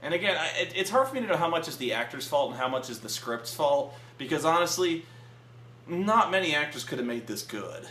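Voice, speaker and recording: A man reviewing a film in casual chat at a friend's house, animated and profane, stammering through restarts. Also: on the high side, fairly quick. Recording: echoey room with faint hum.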